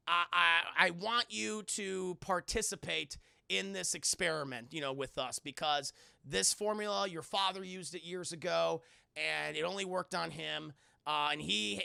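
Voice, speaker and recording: Pushy schemer of a lab doctor, a man putting it on, gravelly and bright-toned. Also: sits high, a little slow, no echo, clean studio sound, exaggerated voice.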